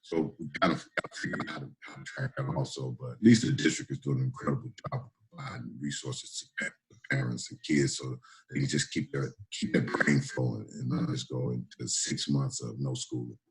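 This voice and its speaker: A man's voice: extremely low pitch, a little fast, gravelly, poor audio. A man, a middle school principal, talking earnestly and informally in a panel discussion over a video call, often repeating words as he goes.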